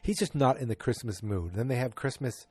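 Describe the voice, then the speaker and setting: A man's voice: medium pitch, lively intonation, a little fast, a little mellow, slightly rough, no echo, soft background music. A man casually recapping a TV episode in a loose, chatty way. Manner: loose, chatty, breaks into voices of characters.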